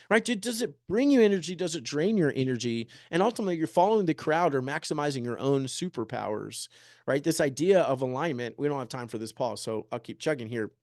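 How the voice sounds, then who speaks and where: A man in his thirties, a real estate agent giving an energetic, joking motivational talk and peppering the room with rhetorical questions. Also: on the high side, no echo, clean studio sound. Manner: joking, upbeat. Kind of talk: motivational presentation to an audience.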